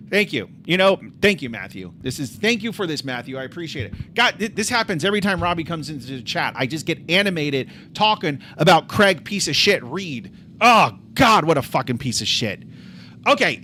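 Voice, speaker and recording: A man's voice: high voice, bright, forceful tone, a little hiss or hum. A man streaming live, telling a rambling story with lots of fillers and swearing, then chatting about coding. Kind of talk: casual live-stream chat.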